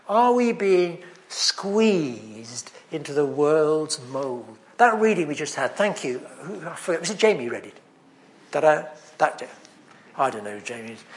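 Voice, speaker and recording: A man's voice: a little high, fairly bright tone. A man preaching a sermon, telling stories in a chatty, anecdotal way with self-deprecating humour. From England.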